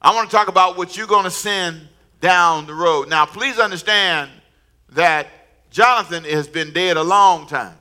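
A middle-aged man preaching a sermon with humor and storytelling, calling on the congregation to repeat lines after him and shouting his emphatic declarations. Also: sits high, measured pace. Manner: call-and-response, urging the congregation to repeat lines; storytelling with humor, laughing at his own jokes. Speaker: pastor.

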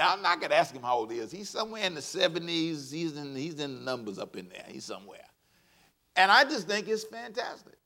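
A male pastor preaching a lively sermon, leading the congregation in call-and-response and acting out quotes from people. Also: high-pitched.

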